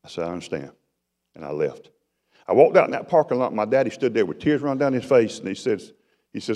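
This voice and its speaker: A middle-aged man delivers a sermon testimony, his lowish voice rising loud and dropping to a hush as he tells the story. The sound rings with long reverb, like a large church hall. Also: animated, quick pace. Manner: dramatic storytelling, swings from loud to hushed. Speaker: preacher.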